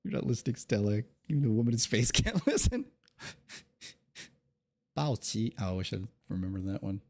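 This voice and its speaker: A man's voice: lowish voice, lively intonation, normal speed. A man streaming a game, making sarcastic, joking asides in casual commentary. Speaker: gaming streamer.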